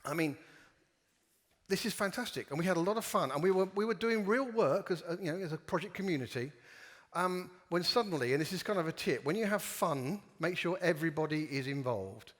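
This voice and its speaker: A man's voice: fairly high pitch, animated, a little fast. A man giving a playful, jokey conference talk and leading the audience in participation games. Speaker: conference speaker. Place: conference hall before a live audience. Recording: long hall reverb.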